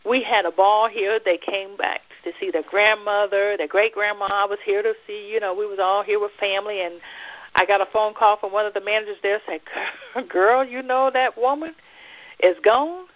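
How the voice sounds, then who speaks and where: A woman from the United States, a guest telling a personal faith testimony in a lively way, laughing often and acting out the dialogue she quotes. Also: medium pitch, a little fast, dull audio.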